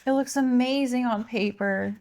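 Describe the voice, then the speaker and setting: A woman with a high, bright voice gushes excitably, her words spilling out as she is close to tears. She chats casually as the host's wife, warm and informal. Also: moderate pace. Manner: gushing, excitable and teary. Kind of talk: casual chat.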